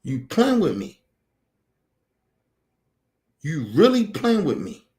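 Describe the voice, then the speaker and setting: A man's voice: on the high side, wildly swooping pitch, slow pace, darkish tone. Angry, profane man ranting. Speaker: streamer. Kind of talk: heated personal rant.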